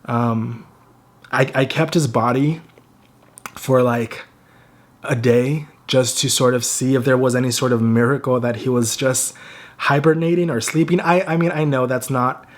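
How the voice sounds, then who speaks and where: A young man talking straight to camera for his personal vlog, grieving and close to tears, speaking haltingly with a stutter and repeated words. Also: medium pitch. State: fighting back tears. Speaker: vlogger.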